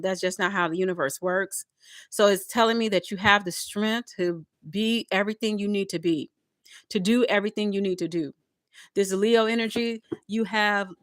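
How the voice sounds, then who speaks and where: A woman's voice: medium pitch, fairly bright tone, no room sound, clean studio sound. A woman giving a collective tarot reading, talking straight to her viewers in a repetitive, encouraging way. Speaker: tarot reader. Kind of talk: collective tarot reading, spiritual pep talk.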